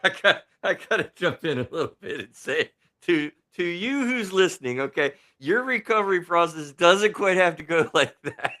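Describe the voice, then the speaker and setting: A man's voice: a little high, animated, moderate pace, pushed and bright. A man hosting a podcast, reacting in short remarks and speaking directly to listeners. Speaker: podcast host. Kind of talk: casual interview chat.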